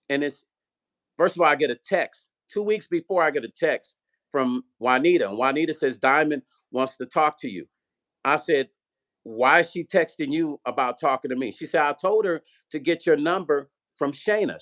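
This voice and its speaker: A man spins a heated story for his vlog audience, slipping in and out of quoted voices as he goes. He cusses freely and keeps the momentum up. His voice sits a bit on the higher side for a man. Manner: animated storyteller, acts out quoted dialogue, profane. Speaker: vlog host, musician. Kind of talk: storytelling chat.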